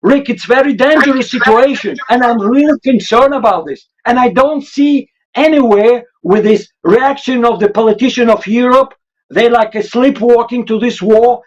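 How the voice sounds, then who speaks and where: A man's voice: very high-pitched, dull audio. A man from Russia whose first language is Russian speaks emotionally and urgently in non-native English with a Russian accent, answering as an interview guest.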